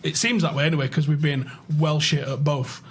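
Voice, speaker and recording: A man's voice: fairly high pitch, fairly even intonation, fairly quick, breathy edge. A young man hosting a casual podcast chat, blunt and swearing freely. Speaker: podcast host.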